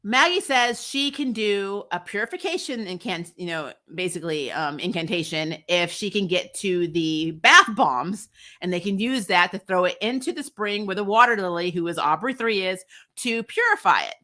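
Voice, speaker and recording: Animated, bright-voiced woman recapping a show. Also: mid-range voice, normal speed. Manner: animated and snarky, acts out characters' lines with laughs. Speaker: TV episode reviewer. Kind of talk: casual spoilery recap.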